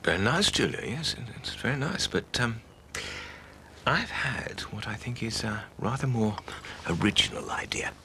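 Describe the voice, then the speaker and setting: A man's voice: on the low side, very animated, normal speed, sharp tone, a little hiss or hum, exaggerated voice. An actor playing a pompous man who makes grand theatrical speeches to a friend. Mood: grandiose. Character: pompous middle-aged man with grand show ideas. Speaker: amateur show organiser. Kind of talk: TV soap acting.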